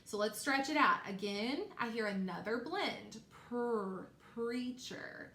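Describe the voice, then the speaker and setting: A woman teacher giving a phonics lesson to young children, stretching out words slowly and encouraging them. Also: on the high side, lively intonation, bright, forceful tone. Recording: echoey room, faint background noise.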